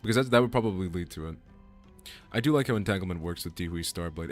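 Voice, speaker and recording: A man's voice: on the low side, lively intonation, rapid-fire, faint music behind. A man streaming as a voice actor, chatting casually, joking and rambling and swearing freely. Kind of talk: casual livestream chat.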